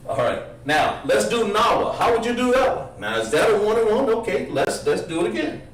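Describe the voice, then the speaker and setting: A man teaching a livestreamed language lesson, drawing out words slowly for pronunciation drills and chatting with viewers between examples. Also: sits high, very animated, fairly bright tone, a little hiss or hum. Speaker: instructor. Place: room, livestream. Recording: roomy echo, far from the mic.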